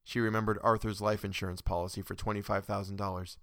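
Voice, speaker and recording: A man narrating a short story in a steady, measured reading. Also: on the low side, dry recording, clean studio sound.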